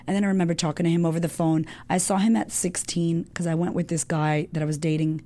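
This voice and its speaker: A woman's voice: fairly low pitch, level tone, quick pace, mellow. A young American woman telling a personal story candidly as a guest, swearing freely and filling her talk with "like". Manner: frank, swears freely, lots of "like". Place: home in Australia.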